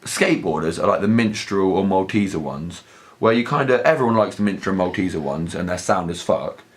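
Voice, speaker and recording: A man's voice: low-pitched, animated, brisk. A young man, telling crude, sweary, rambling stories in a casual vlog. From southern England. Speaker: vlog host. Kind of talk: casual anecdotal storytelling.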